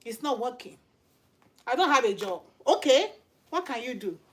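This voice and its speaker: A woman with a Nigerian accent delivers an informal sermon with a high voice. She is middle-aged, emphatic and animated, hammering her points with repeated rhetorical questions. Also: normal speed. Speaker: channel host and lay preacher. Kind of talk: informal preaching to camera.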